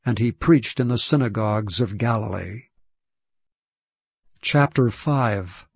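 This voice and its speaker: A man giving a measured, solemn scripture reading. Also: lowish voice, creaky, slightly rough, no room sound. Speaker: scripture reader. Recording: dull, dry lo-fi recording.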